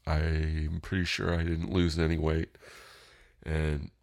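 A middle-aged man casually telling a story, animated and profane, acting out both sides of his phone calls. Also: a bass voice, slow pace, creaky.

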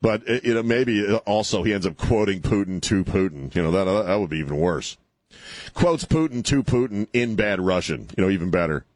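A man's voice: on the low side, animated, fairly quick, a little mellow, no echo, studio quality. A man hosting a talk radio show, rambling and sarcastic, laughing at his own jokes. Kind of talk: casual talk radio banter.

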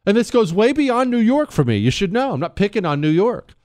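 A man's voice: high voice, sing-song, fairly quick, darkish tone, no echo, studio quality. A man hosting a talk radio show, delivering a blunt, combative opinion monologue in a sarcastic tone. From United States, Ohio River area.

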